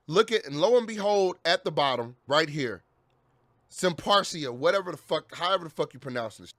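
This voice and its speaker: Fired-up, high-voiced man ranting. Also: animated, moderate pace, a bit bright, no echo, clean studio sound. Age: adult with children. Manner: heated, profane, repeats and restarts phrases. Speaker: vlogger. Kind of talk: angry storytelling rant.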